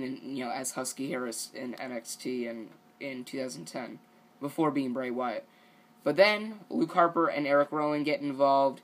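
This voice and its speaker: A man rambles through a wrestling show recap in a relaxed, unscripted way. He leans on filler words and drops casual swears as he goes. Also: mid-range voice. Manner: rambling, loose, full of "you know" and "like".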